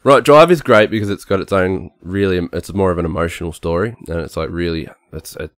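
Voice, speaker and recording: Deep-voiced man enthusing over a film. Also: fairly quick, dry recording, clean studio sound. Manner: enthusiastic, repeats words and restarts. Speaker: podcast co-host. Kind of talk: casual film review chat.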